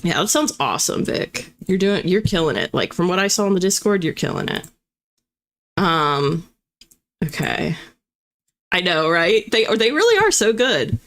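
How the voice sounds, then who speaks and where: A young woman with a slight Southern US twang, hosting a livestream and chatting casually with viewers, laughing often and rattling off quick auctioneer-like spiels. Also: mid-range voice, sing-song. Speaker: livestream host.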